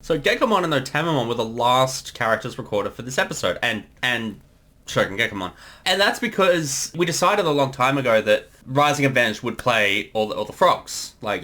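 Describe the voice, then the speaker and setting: Lively chatty man giving commentary. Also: medium pitch, fairly quick. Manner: chatty, laughing, anecdotal. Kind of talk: casual creator commentary.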